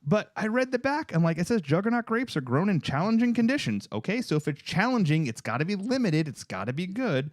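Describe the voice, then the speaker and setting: Co-host, man, 30s: high, bouncy voice, dry close sound, loose and swearing. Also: fairly quick, hardly any pauses, dry recording. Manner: animated, profane storytelling. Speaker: podcast co-host. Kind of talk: casual chat.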